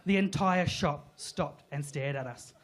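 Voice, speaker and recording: A woman's voice: low-pitched, measured pace. Dry, swearing Aussie woman doing stand-up. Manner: dry, expletive-laced storytelling. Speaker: stand-up comedian. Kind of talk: live stand-up storytelling. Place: comedy club stage.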